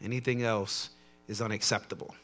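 A man preaching a conversational sermon to his congregation, swinging between soft asides and loud emphatic lines. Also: lowish voice, steady tone, a little fast. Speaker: pastor.

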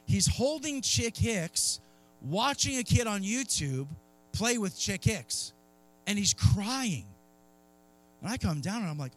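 A man's voice: high voice, lively intonation, moderate pace. A man in his thirties preaching a sermon in a conversational, earnest way, acting out voices in his stories. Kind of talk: sermon with personal story. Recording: faint music underneath. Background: soft instrumental music.

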